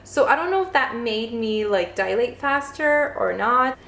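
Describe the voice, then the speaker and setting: A young woman vlogger chats through a personal story, dropping "like" into nearly every sentence. Her voice sits a bit high, and the recording carries a roomy echo. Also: expressive, a little slow, creaky, a bit bright, a little hiss or hum. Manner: chatty, heavy use of "like" fillers. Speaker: vlogger, first-time mother. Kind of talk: casual storytelling to camera.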